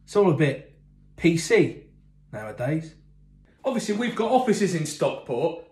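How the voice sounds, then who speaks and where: A man's voice: fairly high pitch, big pitch swings, measured pace, a little mellow, echoey room. A man playing a nosy, boorish middle-aged repair engineer who rambles and keeps asking questions. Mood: nattering. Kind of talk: sketch comedy acting.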